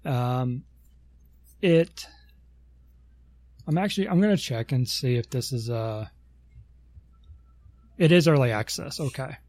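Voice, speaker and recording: A man's voice: mid-range voice, slow, long pauses, darkish tone, no room sound. A man co-hosting a casual podcast, rambling through long explanations with lots of ums and self-corrections. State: has the hiccups. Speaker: podcast co-host.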